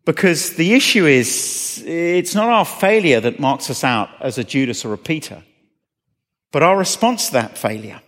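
A man's voice: on the high side, big pitch swings, normal speed, a bit bright. A man preaching a sermon, earnestly asking questions and repeating phrases for emphasis. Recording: long reverb of a hall.

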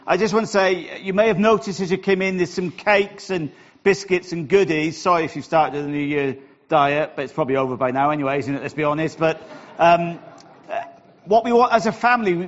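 Chatty Welsh pastor, dull recording. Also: male voice, sits high. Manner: chatty, joking, self-deprecating, with laughs. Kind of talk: informal sermon opening. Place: church hall.

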